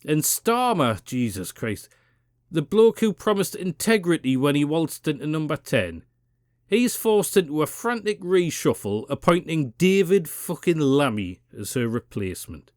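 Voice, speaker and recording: A Geordie man delivers a combative political rant, full of swearing and scornful jabs. His voice is slightly high and very animated, climbing and plunging as he goes. The sound is dry and close. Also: unhurried, dry recording. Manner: profane, sarcastic, combative. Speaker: political commentary channel host.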